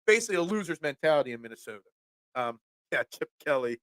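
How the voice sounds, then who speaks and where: A man's voice: on the high side, expressive, quick pace, fairly bright tone, dry recording. A man hosting a casual live-stream sports show from a home room full of memorabilia, upbeat and rambling as he reacts to viewer comments.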